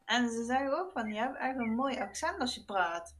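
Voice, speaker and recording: A woman's voice: on the high side, lively intonation, fairly quick. A woman from the Netherlands, chatting casually in Dutch and insisting on her point during a game stream. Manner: insistent, protests and disagrees.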